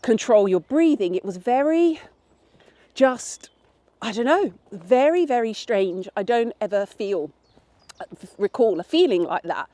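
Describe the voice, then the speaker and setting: A woman's voice: a little high, expressive, a little slow, long pauses, mellow, dry recording. A woman vlogging in a candid, rambling way, with restarts, while out walking her dog. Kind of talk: casual chat. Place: outdoors on a path.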